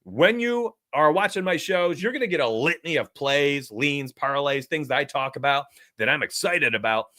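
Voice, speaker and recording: An excitable man hosting a live sports betting show, talking straight to his chat with lots of hype. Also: on the high side, moderate pace, hardly any pauses, dry recording, studio quality. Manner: excitable, hype-driven, addresses chat directly. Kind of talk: energetic live-stream betting talk.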